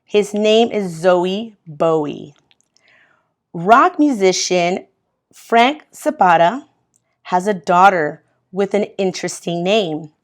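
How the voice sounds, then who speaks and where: A woman's voice: lowish voice, animated, slow. A woman from Mexico teaching an English as a second language class, reading from a textbook and patiently explaining words step by step.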